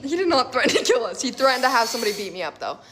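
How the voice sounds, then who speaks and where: A woman's voice: a little high, sing-song, very fast, background noise. A young woman, the daughter hosting the video, chiming in casually and giggling. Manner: giggly, interjecting. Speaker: daughter and channel host. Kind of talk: casual storytime chat.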